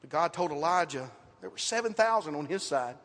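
High-voiced preacher in a reverberant hall. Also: male voice, brisk. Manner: animated storytelling with scripture quotes. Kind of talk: sermon. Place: church.

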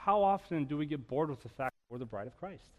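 A man preaching a sermon as pastor, animated and storytelling, with humor and rhetorical questions. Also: a little high, fast, dull audio. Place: church sanctuary. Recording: long reverb of a church hall.

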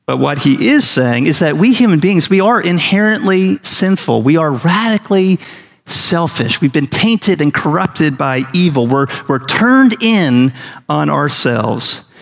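A man's voice: on the high side, vocal fry, a bit bright, big-room sound. A middle-aged man, a pastor, preaching a sermon with earnest questions to his congregation and small acted-out scenes.

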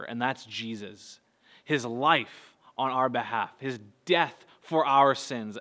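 A man, preaching a sermon earnestly, moving between soft low passages and raised, urgent bursts. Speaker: pastor. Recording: long hall reverb.

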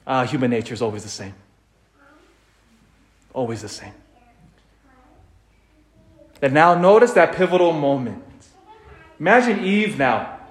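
A male preacher tells a story dramatically, dropping to near silence and then building up loud. His voice sits at an ordinary middle pitch. The sound echoes around the room. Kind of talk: sermon.

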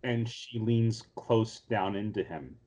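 A man's voice: on the low side, slow pace, dark tone. Rambling man recapping anime with fillers. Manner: rambling storyteller, acts out character lines with many fillers. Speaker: podcast co-host. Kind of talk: casual chat recapping anime and manga.

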